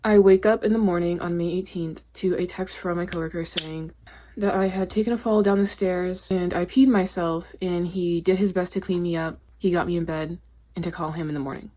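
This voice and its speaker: A young woman with a slightly low voice tells a personal story straight to camera. She talks in a chatty, confessional way, leaning on "like" and "literally", and her tone turns emphatic and indignant. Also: fairly even intonation, brisk, dark tone. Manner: chatty, confessional, peppered with 'like' and 'literally'.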